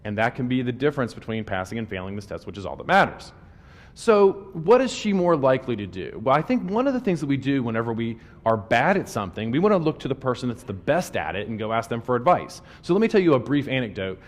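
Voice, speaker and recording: A man from West Virginia in his forties, a test-taking coach giving a lecture and telling anecdotes in an animated way. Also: medium pitch, quick pace. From West Virginia, USA. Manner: animated storyteller, voices quotes. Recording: long hall reverb.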